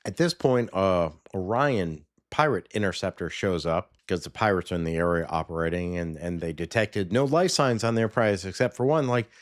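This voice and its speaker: A man casually recapping a TV episode, sarcastic and animated, sometimes mimicking the characters. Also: deep voice, normal speed, few pauses. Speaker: TV episode reviewer.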